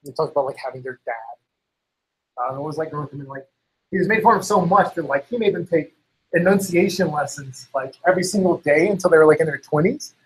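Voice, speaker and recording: Man, husky voice, slightly high pitch, rambling casual chat, filler-heavy. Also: fairly quick, rough recording. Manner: rambling, heavy use of "like" and "you know"; acts out others' lines in quotes.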